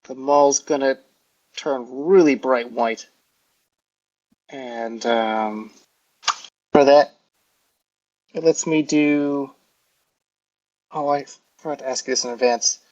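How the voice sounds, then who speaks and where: Slow, rambling man playing a tabletop game. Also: medium pitch, darkish tone. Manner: rambling and halting, heavy on "like" and "um" fillers. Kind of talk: casual in-character describing of his hero's actions. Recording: dull lo-fi audio.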